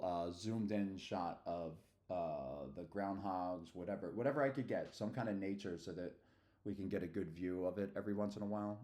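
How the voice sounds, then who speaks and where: Man, middle-aged, from Philadelphia, deep voice, rambling livestream chat, slangy asides. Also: a little mellow. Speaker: streamer.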